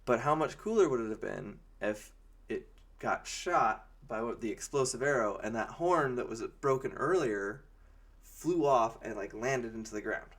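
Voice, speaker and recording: Man reviewing a movie, sarcastic, rambling delivery, mid-pitched voice. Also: expressive, moderate pace, fairly bright tone. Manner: sarcastic, rambling, with mocking put-on quotes. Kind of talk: casual spoken movie review.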